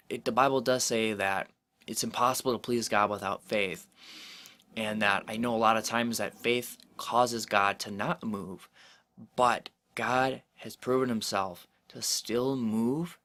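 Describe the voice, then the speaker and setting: A man's voice: lowish voice, sharp tone. A man giving a casual devotional talk to camera, rambling with many fillers and sounding earnest and encouraging. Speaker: Christian vlogger.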